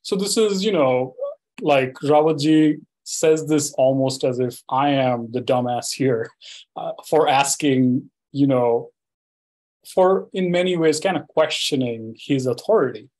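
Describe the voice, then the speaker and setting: A man's voice: medium pitch, a little slow, a little mellow, poor audio. A man giving a university lecture, telling a field anecdote in a loose, conversational way full of "you know" and "right?". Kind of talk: storytelling academic lecture.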